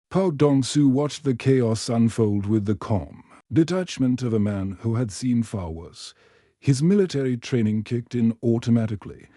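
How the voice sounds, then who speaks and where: A man narrating a scripted story in a steady, even way. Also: medium pitch, no room sound, studio quality.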